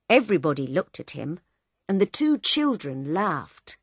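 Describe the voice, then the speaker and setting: A woman reads an easy story aloud in clear, deliberate narration. She speaks very slowly, and her pitch moves a lot. The recording is close and dry. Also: very animated, no room sound. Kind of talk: graded reader audiobook narration.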